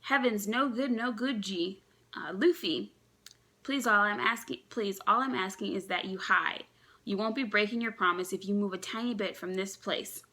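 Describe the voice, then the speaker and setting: A woman's voice: medium pitch, moderate pace, sharp tone. A woman reading aloud as a worried male pirate who pleads urgently with a friend. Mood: pleading.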